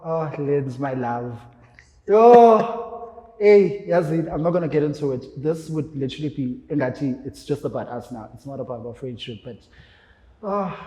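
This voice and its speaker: A man, a radio traffic anchor, talking emotionally as a podcast guest. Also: medium pitch. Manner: emotional, excitable, sentimental. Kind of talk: emotional interview chat. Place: podcast studio. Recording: echoey studio with long reverb.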